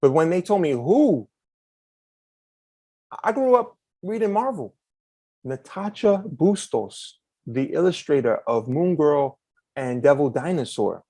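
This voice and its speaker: Animated male author on a video call. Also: a little high, slow pace, long pauses, husky, dry recording. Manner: animated storyteller, acts out quotes. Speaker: author guest. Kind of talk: casual interview chat.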